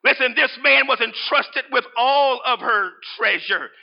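A male pastor preaching a sermon, repeating lines, shouting at times and reading scripture aloud. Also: very high voice, a little slow, vocal fry, muffled recording.

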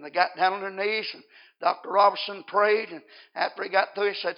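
High, gravelly male revival preacher, shouting exhortation, lo-fi. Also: level tone, fairly quick. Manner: rising to loud shouting exhortation. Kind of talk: revival sermon. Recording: dull lo-fi sermon recording.

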